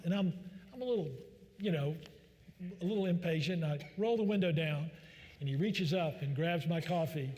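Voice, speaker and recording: The speaker's voice is on the high side and a little mellow, moving at a moderate pace. He's a doctor delivering a jokey, homespun public talk loaded with fillers, and the big church hall around him adds a long reverb.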